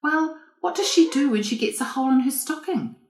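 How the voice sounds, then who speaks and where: A woman's voice: high voice, animated, brisk, pitched above the performer's own voice. A woman reading an audiobook, voicing a frank, awkward young woman who speaks bluntly. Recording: roomy echo.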